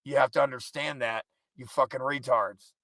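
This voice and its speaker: Gravelly, forceful man ranting profanely. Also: medium pitch, fairly even intonation, moderate pace, dry recording. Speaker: live stream host. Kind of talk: ranting live stream monologue.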